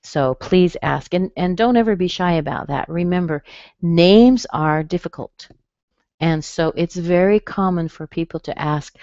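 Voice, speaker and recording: Low-voiced woman teaching pronunciation. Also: a little mellow, no echo. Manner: slow, careful, over-enunciated demonstrations of stress. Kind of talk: webinar lesson. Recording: dull, dry webinar audio.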